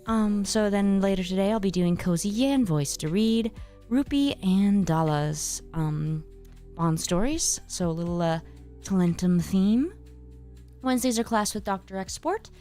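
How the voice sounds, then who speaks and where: A woman hosting her own channel chats casually with her live-stream audience, sounding hesitant and a bit scattered, with lots of fillers and restarts. Her mid-range voice is expressive, mellow and unhurried, with faint music in the background.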